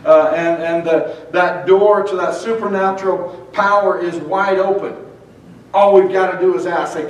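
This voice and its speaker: High-voiced preacher in a very echoey hall. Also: male voice, fairly even intonation, unhurried. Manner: fervent, repeats and restarts words. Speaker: pastor. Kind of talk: sermon. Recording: very echoey hall, mic far off.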